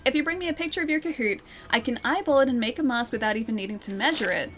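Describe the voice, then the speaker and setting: A man's voice: extremely high pitch, rapid-fire, a bit bright, a little hiss or hum. A woman reading out the lines of an eager male villager with a dog-mask scheme, laughing as she reads. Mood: earnest pitch. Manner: reads aloud while laughing.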